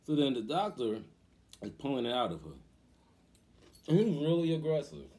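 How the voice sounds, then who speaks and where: A man casually telling a story on his vlog, animated and acting out the voices of people in it. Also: mid-range voice, moderate pace. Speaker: cooking vlogger.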